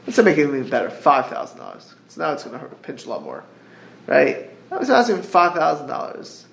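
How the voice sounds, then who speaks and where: A man giving a Torah class over a group call, earnest and halting, quoting Hebrew verses and translating them. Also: fairly high pitch, huge pitch swings, creaky, fairly bright tone, reverberant, a little hiss or hum. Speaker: Torah teacher. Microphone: group call line.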